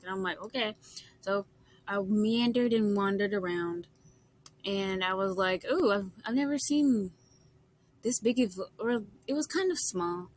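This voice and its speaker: A woman's voice: mid-range voice, a little slow, long pauses. A young woman casually telling a rambling story, full of fillers and quoted dialogue.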